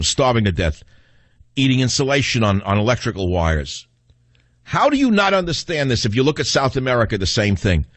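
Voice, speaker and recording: A man's voice: lowish voice, no echo. A man hosting a call-in talk radio show, ranting in a combative, scornful way between calls.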